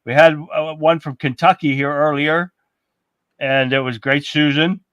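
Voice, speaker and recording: A man's voice: fairly high pitch, fairly even intonation, unhurried, a bit bright, no echo, muffled recording. A man co-hosting a casual political livestream, chatting loosely and reading viewer comments aloud. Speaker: livestream co-host.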